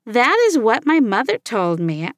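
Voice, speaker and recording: Woman doing a playful patient mom in a kids story, slow and sing-songy. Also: a little high, sing-song, dry recording, clean studio sound. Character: patient, playful mother of a child.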